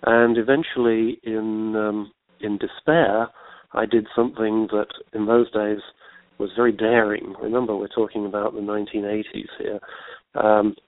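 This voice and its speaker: A man with an English accent, a guest author telling his story in a reflective, unhurried way during a radio interview by phone. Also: on the low side, level tone, no echo. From England. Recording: tinny phone line.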